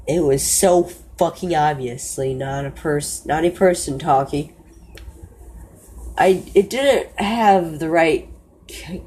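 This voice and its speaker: A woman narrating a first-person horror story in a slow, low-key way, often stopping to correct herself. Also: a little mellow.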